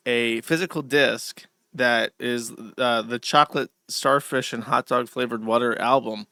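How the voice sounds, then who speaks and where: A man's voice: medium pitch, sharp tone, no echo, clean studio sound. A man hosting a livestream, rambling through a casual monologue with digressions and asides to his chat. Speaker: livestream host.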